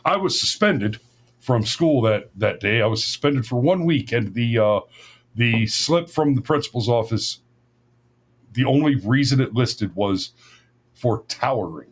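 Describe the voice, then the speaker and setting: A man's voice: medium pitch, lively intonation, measured pace. Rambling, profane man telling a story. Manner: rambling, profane, many restarts and self-corrections. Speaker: podcast host. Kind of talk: casual storytelling.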